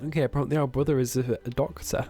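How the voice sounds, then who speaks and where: A man's voice: medium pitch, fairly even intonation, rapid-fire, dark tone, soft background music. A young man giving joking, sarcastic commentary while playing a video game. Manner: sarcastic, joking, camp asides. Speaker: let's play gamer. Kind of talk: gameplay commentary.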